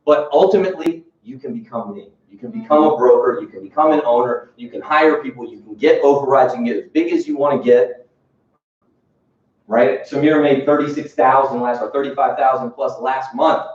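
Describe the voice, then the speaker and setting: A man leading a sales team training, telling a story with lively energy, acting out his bosses and swearing casually now and then. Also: medium pitch, fairly quick. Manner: animated storyteller acting out bosses, laughing, street-talk swearing. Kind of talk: motivational training talk. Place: training room with audience. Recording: roomy, distant, muffled room recording with background noise.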